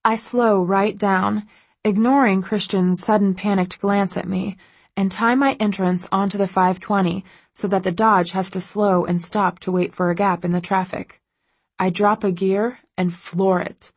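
A woman's voice: medium pitch, fairly even intonation, a little slow, breathy edge, dry recording. A woman narrating a first-person audiobook, a breathless inner monologue with sudden exclamations.

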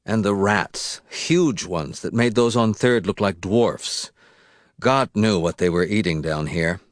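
A man narrates an audiobook in a measured, deliberate way. His voice sits low. The recording is dry, with little room sound. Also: dry recording.

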